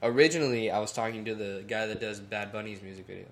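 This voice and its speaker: Laid-back young man with a low voice. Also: quick pace. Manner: easygoing, rambling, laughs often. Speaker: musician guest. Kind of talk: casual podcast interview. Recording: echoey room, faint noise.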